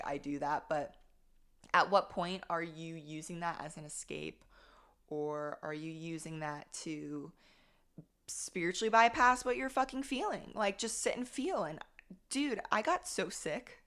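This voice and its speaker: A young adult woman hosts her own podcast, candidly and casually telling a personal story in a solo reflection, swearing freely. Her voice is on the low side and a bit bright.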